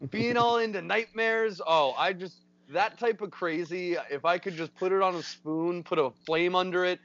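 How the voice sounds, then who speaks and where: Man, podcast co-host, casual chat, excitable, swearing, fairly high voice, dull lo-fi call audio. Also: normal speed, no room sound. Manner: excitable, swearing, hyped rambling. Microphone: remote call mic.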